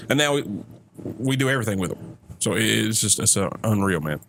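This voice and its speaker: A man hosting a casual podcast, teasing a friend and chatting with quick restarts. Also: fairly low pitch, noisy background. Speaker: podcast host. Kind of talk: casual chat.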